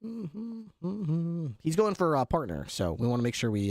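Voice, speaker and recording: A man's voice: a little high, very animated, moderate pace, darkish tone, no echo, clean studio sound. A man livestreaming, chatting casually with his viewers, laughing often and swearing. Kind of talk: casual chat with stream viewers.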